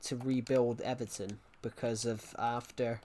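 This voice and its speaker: A man's voice: mid-range voice, steady tone, measured pace, darkish tone, slight background noise. A man chatting casually on a live stream, rambling and repeating himself as he restarts phrases. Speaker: game streamer.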